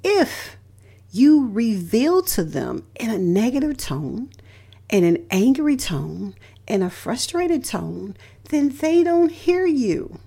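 A woman's voice: fairly high pitch, sing-song, slow, creaky, dark tone, breathy edge. Emphatic woman hosting a motivational talk. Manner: emphatic and repetitive, stressing key words with lists. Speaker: radio host and relationship counselor.

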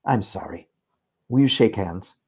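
A man's voice: lowish voice, expressive, unhurried, a little mellow, husky. A man reading aloud and voicing a confident eldest brother with hearty, old-fashioned schoolboy talk. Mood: earnest.

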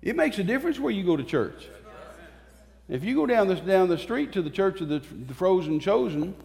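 Fervent and emphatic, a man delivers a sermon to his congregation, pausing and repeating phrases for force. His voice sits high and is very animated, gravelly, and a little mellow, with long church-hall reverb around it.

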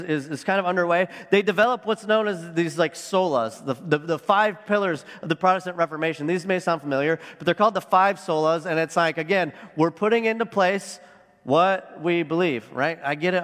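A man preaching a sermon as pastor, talking conversationally and thinking out loud with many fillers. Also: fairly high pitch. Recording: long hall reverb.

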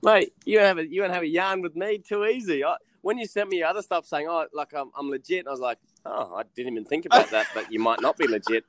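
Laid-back Australian bloke on the phone. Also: male voice, fairly high pitch, fast talker, hardly any pauses, fairly bright tone. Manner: laid-back, jokey, laughs while telling stories. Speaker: guest, social media cowboy. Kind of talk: casual storytelling chat. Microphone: phone call.

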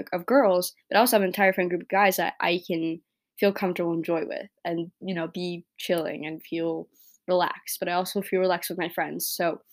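A young woman in her late teens hosting a solo podcast, talking in a casual, rambling way, often breaking off mid-sentence and growing emotional. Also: lowish voice. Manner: rambling, self-interrupting, emotional. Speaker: podcast host.

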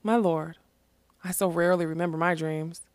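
A woman voicing a remorseful, wry male magician in a storybook reading, halting and gentle. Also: lowish voice, steady tone, no echo, close to an everyday voice.

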